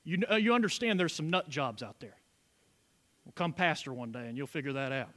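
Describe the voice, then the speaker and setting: Animated high-voiced preacher. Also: male voice, brisk. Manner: animated preaching with call-and-response asides. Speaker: pastor. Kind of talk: sermon.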